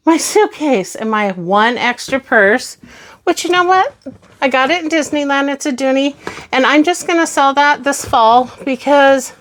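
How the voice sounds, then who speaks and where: A woman in her sixties giving a chatty, upbeat tour of her closet in a casual home vlog. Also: high voice. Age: 60s. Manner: chatty and upbeat, exclaiming as she shows things. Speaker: vlogger. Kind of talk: casual show-and-tell vlog.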